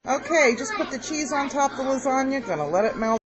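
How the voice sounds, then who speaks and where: A woman's voice: high-pitched, expressive, a little fast, a crowd in the background. A woman chatting casually through a home cooking demonstration, homey and full of ums. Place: home kitchen. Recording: dull lo-fi home video with faint background hum.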